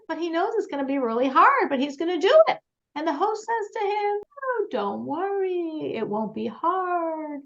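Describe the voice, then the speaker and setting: A woman's voice: high voice, a bit bright. A woman teaching a religious class, telling stories earnestly and putting questions to the group. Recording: dull lo-fi sound.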